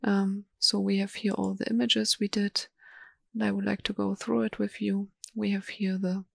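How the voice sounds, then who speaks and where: Female webinar presenter, halting and monotone, dry sound with mouse clicks. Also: mid-range voice, creaky, slightly rough, dry recording. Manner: slow, hesitant, many ums and restarts. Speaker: software presenter. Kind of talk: live software demo webinar.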